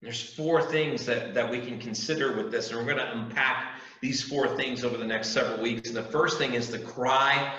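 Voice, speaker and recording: Man, youth sermon, emphatic, repetitive, bright tense tone, dull lo-fi sound. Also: mid-range voice, fairly even intonation, moderate pace. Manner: earnest, emphatic preaching with repetition. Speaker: youth pastor. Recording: echoey room, distant mic, dull sound.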